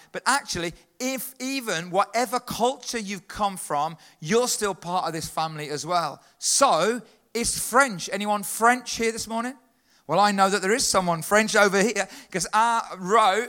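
A man leading a lively church talk, calling out to the congregation and getting them to answer back. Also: high voice. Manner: upbeat, leads the congregation in call-and-response. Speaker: children's worker leading a church service.

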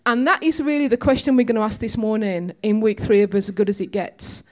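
A woman's voice: on the high side, fairly even intonation, fairly quick, a little mellow. A woman giving a conversational, storytelling sermon in a church. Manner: chatty, storytelling, with humor. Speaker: preacher.

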